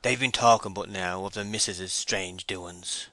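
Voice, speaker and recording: A man's voice: low voice, unhurried, pushed and bright, dry recording. A man doing an old rustic maltster, rambling. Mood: wistful.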